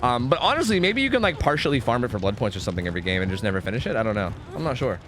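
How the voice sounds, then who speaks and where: Lively young male gaming streamer. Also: mid-range voice, noisy background. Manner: chatty, swearing, laughing, quick asides to chat. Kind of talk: casual gaming commentary.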